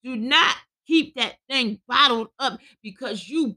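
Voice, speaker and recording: Fervent high-voiced woman preaching. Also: a little slow. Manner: fervent, shouting and emotional, quoting scripture. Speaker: podcast preacher. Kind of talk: preaching to listeners.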